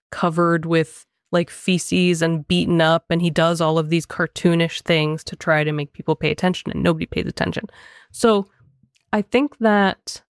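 Young female co-host, lively and chatty, lower voice, dry close sound. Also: smooth, no echo. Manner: animated, laughs often, talks in quick bursts. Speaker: podcast co-host. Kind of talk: casual film discussion.

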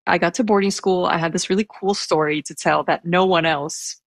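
A soft-spoken woman recounts a story in a casual interview, her voice low-pitched and husky with a gravelly edge. She hesitates, restarts and leans on fillers, and the recording is close and dry. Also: fairly even intonation, moderate pace, no echo. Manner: self-described introvert. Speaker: guest telling a personal story.

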